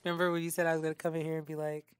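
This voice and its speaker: A woman comedian guest, teasing the hosts in quick casual chat. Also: sits low, clear, resonant tone, no echo, studio quality. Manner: rapid, teasing, lively.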